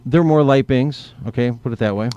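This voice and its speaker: A man's voice: mid-range voice, brisk, mellow, clean tone, lo-fi sound. A man in casual conversation, telling a rambling story and acting out his own inner dialogue. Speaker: guest.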